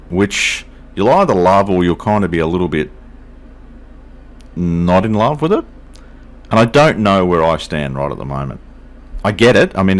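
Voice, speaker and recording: An older man, chatting casually as he hosts a flight simulator video, folksy and self-deprecating. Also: deep voice. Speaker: flight sim video host. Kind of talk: casual commentary.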